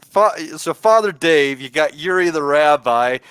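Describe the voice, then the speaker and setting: A man's voice: a little high, animated, unhurried, a bit bright, clear, resonant tone, dry recording. A man co-hosting a podcast, speaking hesitantly and laughing. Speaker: podcast co-host. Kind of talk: casual banter.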